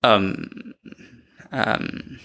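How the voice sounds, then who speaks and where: Man, casual podcast co-host, warm agreeable backchannels. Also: very slow. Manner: agreeable, frequent "yeah, yeah" backchannels. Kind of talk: casual chat.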